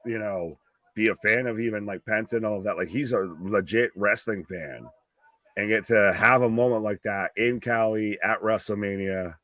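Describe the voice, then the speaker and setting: A man's voice: lowish voice, normal speed, fairly bright tone, no echo. A man co-hosting a casual live wrestling watch-along, joking around and trailing off mid-sentence. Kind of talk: casual live alternative commentary.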